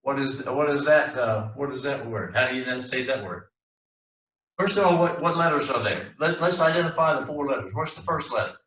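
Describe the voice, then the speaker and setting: A man teaching a class, his speech halting and full of restarts with the odd joke. His voice is bright and forceful. He sounds set back from the mic in an echoey room. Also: mid-range voice, far from the mic. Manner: halting, many restarts and fillers, joking. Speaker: Hebrew teacher.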